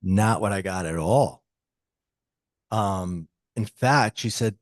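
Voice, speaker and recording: A man guest on a podcast, telling a personal story in an animated way and acting out the dialogue he quotes. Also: fairly low pitch, slow, no echo.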